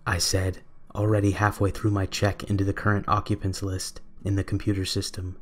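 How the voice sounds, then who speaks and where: A young adult man reading a scripted horror story in a measured, steady way. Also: low voice, faint music behind. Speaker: narrator.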